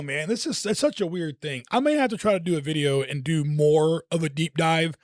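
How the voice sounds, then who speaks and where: A man with a fairly high voice rambles through conspiratorial commentary and swears as he goes. His voice sounds dry and close, with no room sound around it. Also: dry recording. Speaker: reaction video host. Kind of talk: casual commentary reacting to clips.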